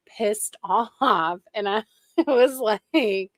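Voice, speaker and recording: A woman's voice: medium pitch, slow pace, creaky, no echo. A woman streamer giving snarky, gossipy commentary while reacting to videos.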